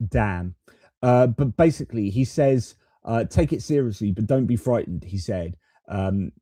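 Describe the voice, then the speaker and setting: Dark-voiced man commenting live. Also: on the low side, no room sound, clean studio sound. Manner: loose, off-the-cuff talk with restarts. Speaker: host. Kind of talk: live-stream political commentary.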